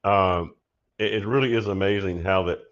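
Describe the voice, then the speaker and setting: A man hosting a prophetic teaching show, telling a story in a casual, animated way and laughing often. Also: low voice, normal speed, dull audio. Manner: animated, laughs often, shouts when acting out his story. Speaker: prophetic minister and show host.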